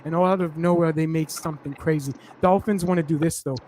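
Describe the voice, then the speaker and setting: A man's voice: a little high, fast, a little hiss or hum. A man hosting a casual sports podcast, telling long rambling stories full of slang. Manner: rambling, animated storytelling with slang. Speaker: podcast host.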